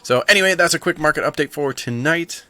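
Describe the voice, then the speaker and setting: A man's voice: a little high, fairly quick, pushed and bright, no room sound. A man hosting a stock market video, chatting casually and thinking aloud with asides. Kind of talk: casual market commentary to camera.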